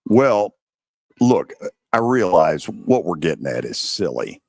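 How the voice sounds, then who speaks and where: An older man hosts a sports call-in show. He talks slowly, with a fairly low voice that rises and falls a lot. The sound is close and dry. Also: sing-song, darkish tone, no room sound. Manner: measured, leads the calls. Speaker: sports radio host. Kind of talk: sports talk radio hosting.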